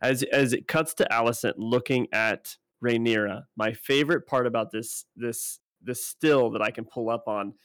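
A man's voice: medium pitch, fairly even intonation, normal speed, hardly any pauses, fairly bright tone, smooth, dry recording, studio quality. A man co-hosting a casual podcast, walking through a TV episode scene by scene. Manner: narrates scenes step by step. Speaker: podcast co-host. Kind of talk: casual recap chat.

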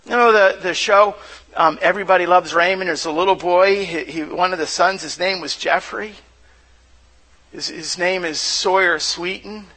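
A man's voice: high-pitched, moderate pace, sharp tone, rough recording. A pastor preaching a sermon in church, asking the congregation questions and often repeating words as he restarts. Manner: asks rhetorical questions to the audience.

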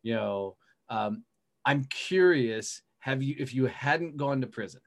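A man's voice: mid-range voice, lively intonation, unhurried. A man hosting a podcast, chatting casually with a guest, swearing freely and rambling through his thoughts. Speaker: podcast host. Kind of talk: casual interview chat.

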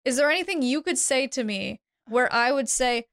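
A woman's voice: high voice, expressive, normal speed, few pauses, fairly bright tone, clean tone, no echo. Dry teasing young woman podcaster. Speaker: podcast co-host. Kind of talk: casual chat.

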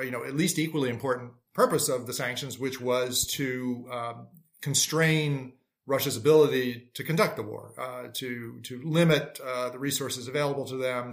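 A man speaking as a policy expert guest in a panel discussion, reasoning aloud in a measured way. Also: mid-range voice.

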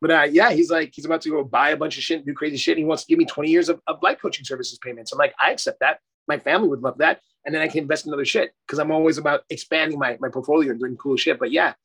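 A man's voice: fairly high pitch, fairly even intonation, very fast, hardly any pauses, fairly bright tone, slightly rough. A middle-aged man, a life coach, talking effusively and emphatically in a casual interview, swearing casually.

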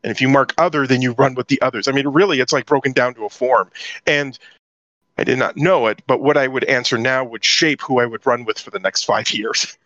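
A man's voice: mid-range voice, brisk, fairly bright tone, no echo. A middle-aged man from southern California, telling his life story as an interview guest and acting out his own past lines. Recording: dull dry lo-fi audio.

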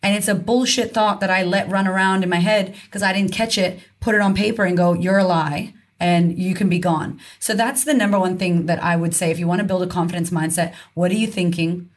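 A woman's voice: medium pitch, steady tone, quick pace, hardly any pauses. A woman confidence coach, a guest in a casual podcast conversation, talking frankly and emphatically and swearing casually.

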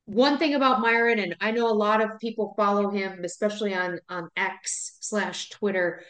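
A woman's voice: medium pitch, steady tone, moderate pace, fairly bright tone, reverberant. A woman from Wisconsin co-hosting a podcast in casual chat, rambling and laughing often. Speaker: podcast co-host.

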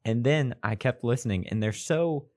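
A young man co-hosting a podcast, chatting casually with quick, teasing asides. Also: mid-range voice, lively intonation, darkish tone, no room sound, studio quality. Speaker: podcast co-host. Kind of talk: casual chat.

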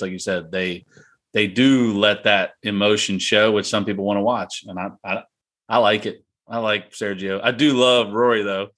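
A man's voice: lowish voice, a bit bright. A man in casual golf-talk chat, rambling with restarts and laughs. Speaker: golf podcast co-host.

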